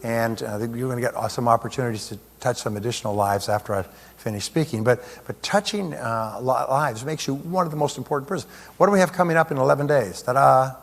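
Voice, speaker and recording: A man's voice: medium pitch, fast talker, vocal fry. A man giving a motivational seminar talk in a large hall, joking with and rousing the audience. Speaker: seminar speaker. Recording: echoey hall with long reverb.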